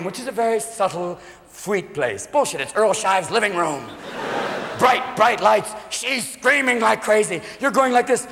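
A man performing stand-up comedy in a manic, shouting delivery, jumping between voices. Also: high-pitched, expressive, gravelly. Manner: manic, shouting, quick voice switches. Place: large live venue. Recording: echoey hall with loud crowd laughter.

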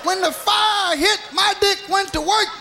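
A man doing a stand-up routine, telling a profane story with lively acted-out voices. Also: extremely high pitch, a little slow, creaky, raised voice, crowd noise, background noise. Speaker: stand-up comedian.

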